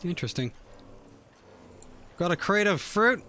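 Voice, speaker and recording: A man's voice: high-pitched, animated, unhurried, bright, forceful tone, faint music behind. A man streaming a video game, chatting casually and reading the quest text aloud.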